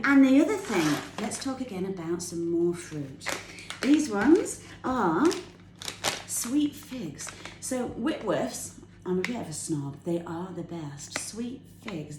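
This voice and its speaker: Medium-pitched and heard over background noise, this fitness vlogger chats enthusiastically to her viewers from her kitchen with healthy-eating tips. She's bubbly and laughs while talking, and the room is echoey with faint ambience.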